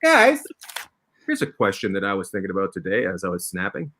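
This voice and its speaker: A man's voice: low voice, wildly swooping pitch, brisk, pushed and bright. A man hosting a comedy roundtable game show, teasing his guests with brash, profane banter. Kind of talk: loud joking banter.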